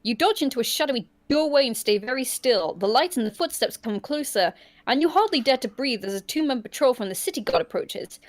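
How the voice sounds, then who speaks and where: Animated woman reading an adventure story. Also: high-pitched, brisk. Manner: animated, laughs often. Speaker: storyteller and host. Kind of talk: reading a choose-your-own-adventure book aloud.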